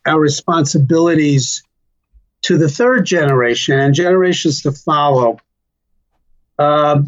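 An older man slowly recalling his family's story as an interview guest, pausing often with fillers. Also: fairly high pitch, highs cut off. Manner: slow, halting, many fillers. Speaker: interview guest, child of survivors. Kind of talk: reflective personal storytelling.

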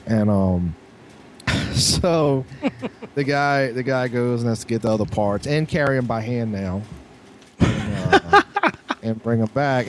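A man co-hosting a podcast, telling a profane, animated story with lots of restarts. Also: mid-range voice, a little hiss or hum. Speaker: podcast co-host. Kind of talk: casual storytelling chat.

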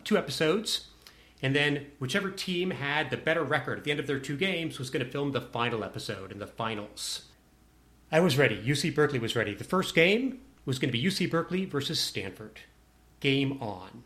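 A man's voice: mid-range voice, fairly bright tone. A man telling a personal anecdote to a listener in a wry, self-deprecating way.

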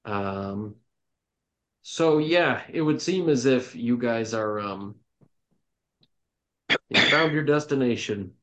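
A man running a tabletop game as dungeon master, narrating in a loose, relaxed way full of ums and restarts. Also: mid-range voice, takes it slowly, pauses often. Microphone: home microphone on an online call.

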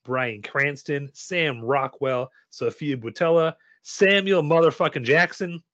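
A man's voice: a little high, unhurried, no echo, highs cut off. Joking man hosting a casual movie chat. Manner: jokey, rambling, loud bursts of enthusiasm. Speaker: podcast co-host leading the movie preview.

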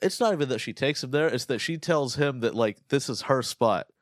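A man's voice: medium pitch, no room sound, studio quality. A man telling crude, joking stories in casual chat with a co-host. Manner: crude, joking, fast storytelling. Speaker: podcast co-host.

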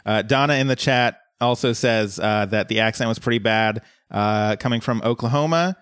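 Man, from Colorado, casual recap co-host, halting, self-deprecating, dry close sound. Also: on the low side, fairly bright tone, clear, resonant tone, no echo. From Colorado, USA. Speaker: podcast co-host. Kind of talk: casual episode recap chat.

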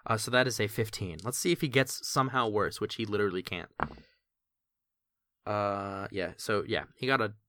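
A man narrates as game master in a tabletop game in a casual, rambling way. His tone is bright. The recording is dry and close. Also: fairly low pitch, normal speed, no echo.

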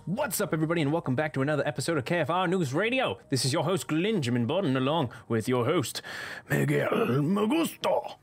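Male co-host, gravelly texture, animated and easygoing, casual banter. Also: a little high, fairly quick, soft background music. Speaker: podcast co-host. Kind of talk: casual chat.

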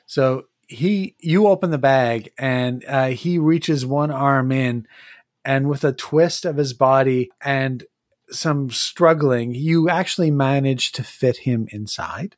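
A game master runs an online tabletop game, narrating the scene slowly and chattily. The delivery is unhurried and full of small fillers. The sound is close and dry. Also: mid-range voice, dry recording.

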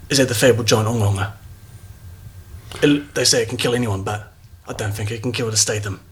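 A man's voice: mid-range voice, a little fast, slightly rough. A man voicing a cocky, laid-back action star who calls everyone mate, in a tabletop game. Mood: swaggering.

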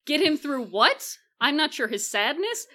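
A woman with a higher, bright and forceful voice chats through a movie recap. She is sarcastic and animated and swears freely. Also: a little slow. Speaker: podcast co-host. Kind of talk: casual film recap chat.

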